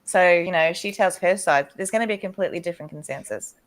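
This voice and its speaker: A woman's voice: fairly low pitch, fast talker. A woman in a recovery meeting, speaking candidly and rambling a little, laughing now and then. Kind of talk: casual recovery group chat.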